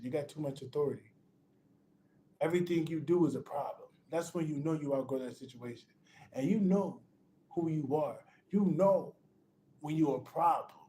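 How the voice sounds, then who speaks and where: A man's voice: a little high, mellow, slight background noise. Emphatic man giving a spiritual pep talk. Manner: emphatic and repetitive, calls the listener "bro"; restarts phrases and laughs between points. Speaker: spiritual motivational speaker.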